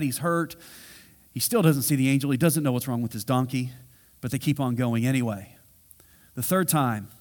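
Storytelling pastor in a reverberant hall. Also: male voice, mid-range voice. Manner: animated storytelling, acts out quoted lines. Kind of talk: sermon.

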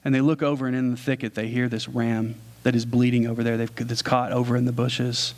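A man's voice: medium pitch, flat delivery, a little fast. A man preaching a sermon, retelling a story in a casual, conversational way. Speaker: pastor.

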